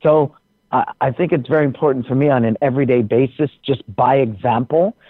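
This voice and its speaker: A man's voice: medium pitch, fairly quick, no echo. A man speaks passionately as a podcast guest, pressing his points with preachy emphasis. His voice comes through a narrow, phone-like line that sounds dry and close. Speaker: guest, martial arts teacher. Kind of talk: casual conversation. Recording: tinny phone-like remote line.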